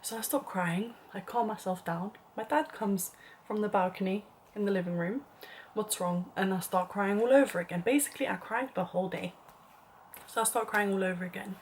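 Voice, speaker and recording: A woman's voice: mid-range voice, brisk, slight background noise. Chatty young woman telling a story. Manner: chatty, dramatic, lots of "like", drops to a whisper for asides. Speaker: vlogger. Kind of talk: casual storytime chat.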